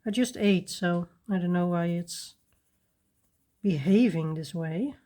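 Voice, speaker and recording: A woman hosting a coloring video, chatting casually and rambling softly while she works at her desk. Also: fairly low pitch, slow. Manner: soft-spoken, rambling, with little laughs. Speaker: coloring channel host.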